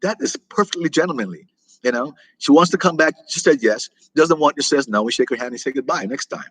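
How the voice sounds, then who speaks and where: A man's voice: on the high side, fast, fairly bright tone, breathy edge, dry recording, low-quality recording. A middle-aged man from the United States hosting a casual live chat, rambling, repeating himself and answering viewer comments as they come in. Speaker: livestream host answering chat.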